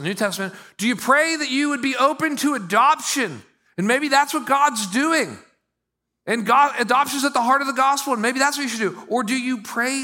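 A middle-aged male pastor preaching a sermon in a conversational way, with strong swings between loud and quiet. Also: high voice.

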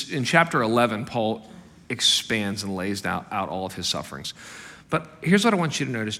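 Bright-voiced male pastor in a reverberant hall. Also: mid-range voice. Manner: animated preaching with acted-out quotes. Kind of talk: sermon.

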